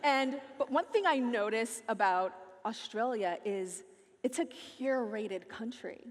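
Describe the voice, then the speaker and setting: Sassy american woman chatting on a big stage, kinda high voice, lots of hall echo. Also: unhurried. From United States. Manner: animated, playful, sassy. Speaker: featured speaker. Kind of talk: onstage conversation. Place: large festival stage hall. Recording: long hall reverb.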